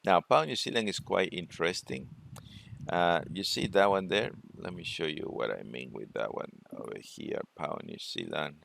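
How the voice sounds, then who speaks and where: A man presenting a forex trading walkthrough, talking it through unhurriedly with many fillers and pauses. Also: sits low, lively intonation, creaky, a bit bright, no room sound. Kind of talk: screen-share trading walkthrough.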